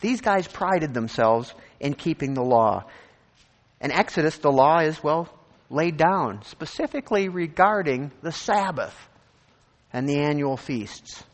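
A man preaching a sermon, animated and conversational, acting out scripture verses and imagined voices. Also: on the high side, a little slow, long reverb tail. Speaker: pastor.

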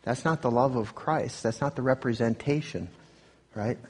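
A man's voice: mid-range voice, moderate pace, a little mellow, breathy edge, long reverb tail. A man pastor giving a conversational sermon, often restarting and asking "right?". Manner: conversational, self-interrupting, rhetorical "right?". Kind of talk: sermon with commentary on clips.

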